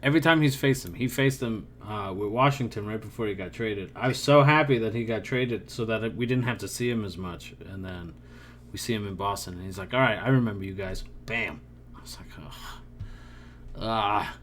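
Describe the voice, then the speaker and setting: Male podcast co-host, lowish voice, rambling and loose, faint hum behind the mic. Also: a little fast, a bit bright. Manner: rambling, laughs often, trails off. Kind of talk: casual chat about baseball.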